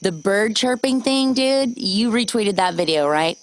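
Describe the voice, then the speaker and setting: A woman hosting a podcast, chatting casually, animated and swearing freely. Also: medium pitch, unhurried, low-quality recording. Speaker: podcast host.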